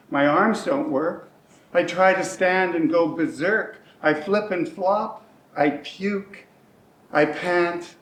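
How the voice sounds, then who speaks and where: Middle-aged man, live rhymed monologue, measured slow rhythm, heard from afar in a roomy hall. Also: on the high side. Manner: rhythmic rhyming delivery, emotional swings. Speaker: monologue performer. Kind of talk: rhymed spoken-word monologue. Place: community centre hall, live stage. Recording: echoey hall, mic at a distance.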